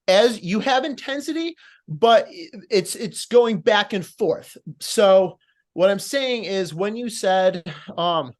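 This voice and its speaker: A man's voice: high voice, expressive, slow. A man judging a competition on a live panel, giving casual, encouraging feedback and thinking aloud with fillers over a video call. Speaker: promo competition judge.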